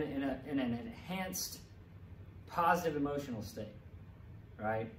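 A middle-aged man delivers an earnest lecture, leaning on repeated phrases for emphasis. His voice sits a little high, and it echoes around a room from a few steps off the mic, over a faint hum. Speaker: presenter. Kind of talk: lecture talk with slides. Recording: roomy echo, mic at a distance, faint background hum.

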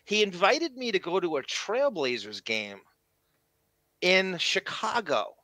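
Bright rambling male podcast host. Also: sits high, very animated, slow, no echo, rough recording. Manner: rambling, swears freely, talks over guests. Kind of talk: casual chat.

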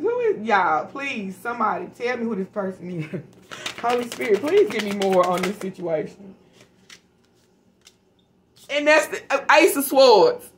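A woman giving a casual, profane tarot reading to her viewers, frank and animated. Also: fairly high pitch. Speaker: tarot reader.

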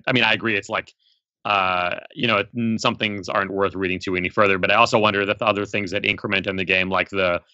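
A man appearing as a guest author on a podcast in casual chat, thinking aloud quickly over a remote call mic. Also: fairly low pitch, sharp tone, no room sound, dull audio.

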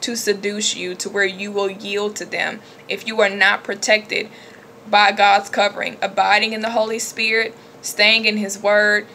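A religious vlogger, a woman with a medium-pitched voice at a moderate pace, gives a casual spiritual talk to camera. She's animated, emphatic, and chatty with laughs, leaning hard on her points in a bright, forward tone, with a faint hiss under the recording.

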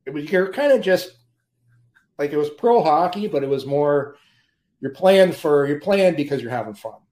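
A man, a former pro hockey player, telling lively anecdotes as a podcast guest and often laughing mid-story. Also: a little high, normal speed. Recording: roomy echo.

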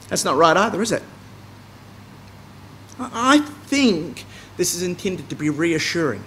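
A man giving a bible class talk in an emphatic, lively way, with asides and restarts. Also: on the high side, unhurried, pauses often. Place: meeting hall.

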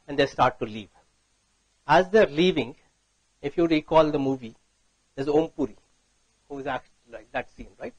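A man's voice: on the high side, moderate pace, long pauses, breathy edge, dry recording, poor audio. A man giving a conference talk, telling a story and often checking in with "right?". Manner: storytelling, frequent "right?" tag questions. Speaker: speaker.

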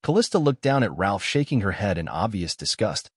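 Husky man narrating a story. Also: fairly low pitch, very animated, a little fast, hardly any pauses, no room sound, studio quality.

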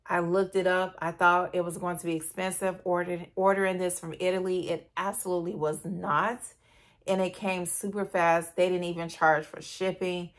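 A woman with a slightly low voice talks through a casual perfume review vlog. She is chatty and gushing, and speaks directly to her viewers like friends. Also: little pitch movement, normal speed. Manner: gushing, chatty, addresses viewers as "you guys". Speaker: beauty vlogger.

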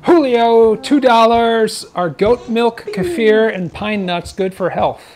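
A man's voice: very high-pitched, expressive, slow, a little mellow. A man co-hosting a live cooking stream in a home kitchen, casually reading viewer comments aloud. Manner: casual, reads messages aloud.

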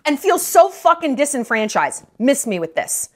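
A woman's voice: high voice, big pitch swings, normal speed, few pauses. A woman in her late thirties giving a blunt, profane, sarcastic movie review rant on her vlog, mocking other people's voices. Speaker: vlogger.

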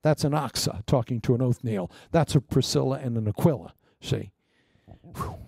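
A middle-aged man preaching a sermon as pastor, joking, with loud declarations and quiet asides. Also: mid-range voice, normal speed, vocal fry, no room sound, clean studio sound. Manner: lively, joking, swings between loud proclamations and quiet asides.

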